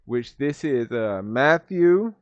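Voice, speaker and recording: A man's voice: mid-range voice, expressive, slow, no echo, highs cut off. Man teaching scripture, asking "right?". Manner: reads verses then defines words, repeats "right?". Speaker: Bible teacher. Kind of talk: scripture study talk.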